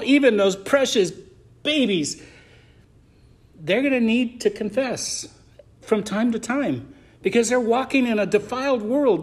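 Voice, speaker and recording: A man with a fairly high voice gives a sermon in church as the pastor. He moves between loud, drawn-out emphasis and quieter asides to his congregation.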